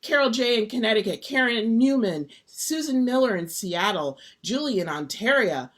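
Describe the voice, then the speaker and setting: A woman's voice: fairly high pitch, normal speed. Upbeat woman hosting a live stream. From Detroit area. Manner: warm, upbeat, lively greeter. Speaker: host.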